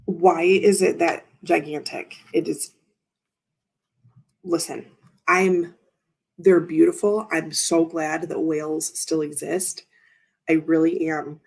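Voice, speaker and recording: A woman's voice: low voice, steady tone, slow pace, creaky, long pauses, a little mellow, slightly rough. A woman hosting a casual tarot livestream, rambling and interrupting herself as she talks to viewers in chat. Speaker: tarot reader and livestream host.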